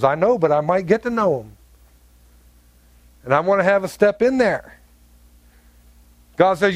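A man's voice: high voice, animated, normal speed, pauses often, dry recording. A male pastor preaching an emphatic sermon, acting out voices in his examples. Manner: emphatic preaching with acted-out dialogue.

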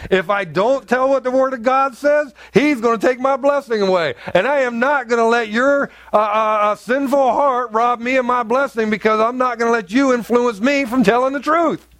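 A man's voice: very high voice, fairly bright tone, no echo. A male pastor preaching an emphatic sermon, acting out voices in his examples. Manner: emphatic preaching with acted-out dialogue.

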